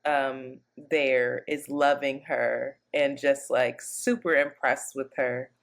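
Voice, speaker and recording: A woman's voice: extremely low pitch, steady tone, slow, vocal fry. A woman co-hosting a podcast in casual chat, talking in a slangy, playful, emphatic way. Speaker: podcast co-host.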